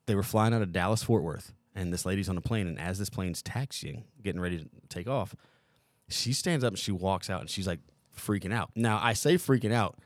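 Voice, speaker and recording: Low-voiced man telling a story, dry sound. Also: a little fast, no room sound. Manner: animated storyteller, swears freely. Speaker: podcast host. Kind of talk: casual chat.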